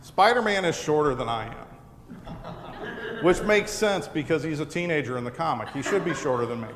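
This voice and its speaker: A man's voice: fairly high pitch, lively intonation, a little fast, background noise. A man hosting a live show, telling a funny personal story to an audience with laughter in his voice. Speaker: podcast host. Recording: echoey hall with a live audience.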